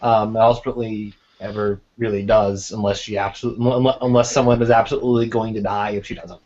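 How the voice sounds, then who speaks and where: A man's voice: fairly low pitch, little pitch movement, a little fast, a little mellow. A man chatting casually on a podcast about a tabletop game, often stammering and repeating words. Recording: dull lo-fi sound.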